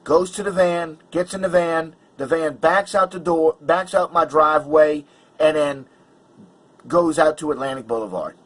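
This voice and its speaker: A man's voice: on the high side, moderate pace, rough recording. A man vlogger telling a personal story in an agitated, emphatic way, stumbling over restarts. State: angry and worked up.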